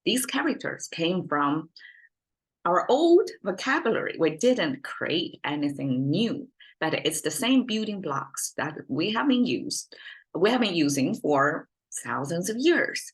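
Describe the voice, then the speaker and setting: A woman's voice: on the low side, big pitch swings, measured pace. A Chinese-born woman with a Chinese accent, a language teacher explaining her native tongue off the cuff, thinking aloud with frequent fillers and restarts. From China. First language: Mandarin Chinese. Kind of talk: unscripted explanatory lesson.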